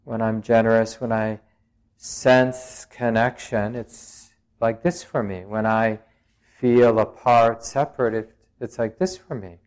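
A man, a meditation teacher, giving a dharma talk in reflective, searching phrases with frequent pauses and touches of gentle humour. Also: lowish voice, fairly even intonation, clean tone. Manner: plain-spoken and gently humorous.

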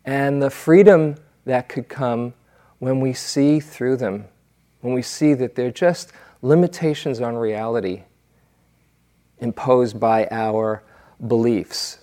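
A man's voice: mid-range voice, mellow. A man giving a dharma talk as a meditation teacher, telling stories in a reflective way with fillers. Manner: unhurried, reflective storytelling with fillers.

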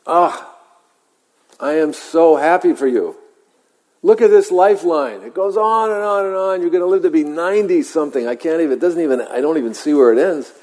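A man voicing an ebullient male prisoner who reads palms, gushing with rapid excited exclamations. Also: fairly high pitch, voice pushed up, natural voice. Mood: ecstatic. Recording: long hall reverb.

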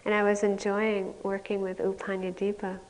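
A woman's voice: mid-range voice, monotone, moderate pace. A woman meditation teacher giving a candid dharma talk at a retreat, with self-mocking stories that often break into laughter. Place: retreat center meditation hall. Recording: long hall reverb.

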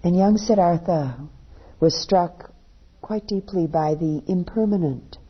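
During a dharma talk, a woman meditation teacher tells a story at an unhurried pace, her low, husky voice dropping softly at the end of each phrase. The recording is dull and lo-fi.

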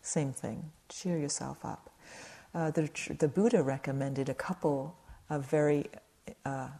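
A woman meditation teacher giving a gentle, conversational dharma talk at a retreat, speaking to a live audience with light humor. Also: deep voice, measured pace.

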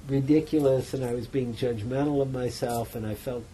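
A man, a meditation teacher, giving a dharma talk in a meditation center hall, telling a story in a relaxed, chatty, self-mocking way. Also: medium pitch, moderate pace, a little hiss or hum. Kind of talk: dharma talk to a retreat audience.

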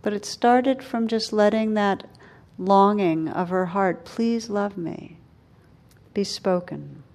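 A middle-aged woman leads a dharma talk as a meditation teacher. Her voice sits in an ordinary middle pitch. She speaks gently and without hurry, sinking to a hush on the most tender phrases. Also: fairly even intonation. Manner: gentle, unhurried, drops soft and quiet on tender words.

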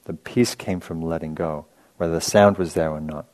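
Low-voiced guy giving a laid-back meditation talk, rambly storytelling, chuckles at himself. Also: fairly even intonation, moderate pace, darkish tone. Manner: casual, chatty storytelling with frequent asides; self-amused, laughs at his own anecdotes. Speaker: meditation teacher. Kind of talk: dharma talk.

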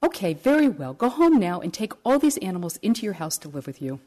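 A woman voicing a calm, wise male rabbi who gives measured instructions in a told story. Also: medium pitch. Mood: instructing.

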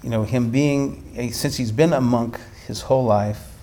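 A man, a meditation teacher, telling a story in a dharma talk with animated delivery and frequent restarts. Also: mid-range voice, moderate pace.

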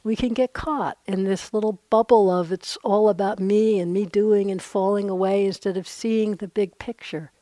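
Woman meditation teacher, mid-pitched, dry close sound, chatty and earnest dharma talk with asides. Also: steady tone, moderate pace, hardly any pauses, warm tone, no room sound. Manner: conversational, with frequent asides. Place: meditation retreat center.

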